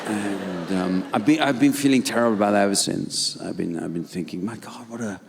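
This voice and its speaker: A man with an English accent doing a live stand-up routine in a dry, weary, deadpan manner on a theatre stage. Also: sits low, fairly quick, vocal fry, background noise. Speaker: stand-up comedian. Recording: live theatre with long hall reverb. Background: audience laughter and ambience.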